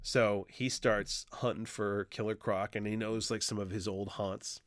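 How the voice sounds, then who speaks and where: A man's voice: lowish voice, flat delivery, unhurried, no echo, studio quality. A man co-hosting a podcast in casual chat, animatedly retelling a comic plot, swearing freely and acting out quotes. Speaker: podcast co-host.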